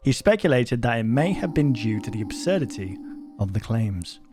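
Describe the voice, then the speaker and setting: A man of middle pitch reads a creepy story aloud, calm and level. He keeps cutting in with loud, startled remarks. Clear music plays under his voice. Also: normal speed. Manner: reads in an even tone, breaks off with sudden loud exclamations. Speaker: reaction video host. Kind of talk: reading a horror story aloud with reactions.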